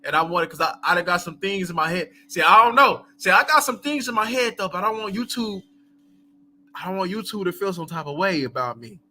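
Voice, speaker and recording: A man with a fairly high, bright voice chats through a livestream, rambling loosely from one thought to the next. His talk is full of fillers and side remarks, and he laughs easily between them. Faint background noise sits under him. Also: expressive, a little fast. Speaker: host of a live book chat. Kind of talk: casual livestream chat.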